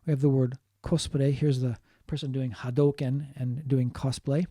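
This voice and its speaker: A man giving a linguistics lecture, explaining slowly, repeating key points and adding short Japanese glosses. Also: medium pitch, flat delivery, mellow, dry recording, clean studio sound. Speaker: linguistics teacher. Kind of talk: online lecture.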